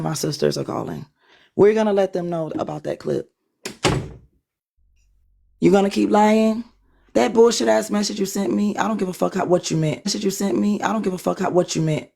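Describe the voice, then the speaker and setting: A hoarse woman guest in a heated live argument, defiant and threatening. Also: lowish voice, warm tone. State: voice gone, hoarse.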